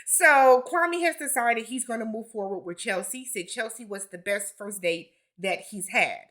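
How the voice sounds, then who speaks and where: A woman's voice: fairly high pitch, moderate pace, a bit bright. A woman giving a casual recap of a reality TV episode, with sassy, blunt commentary and slangy asides.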